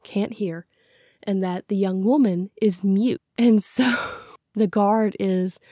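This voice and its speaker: A woman's voice: medium pitch, fairly even intonation, takes it slowly, mellow, no room sound, studio quality. A woman hosting a podcast, chatting casually and animatedly about a classic film and retelling its scenes. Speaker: podcast host. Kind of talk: casual movie review chat.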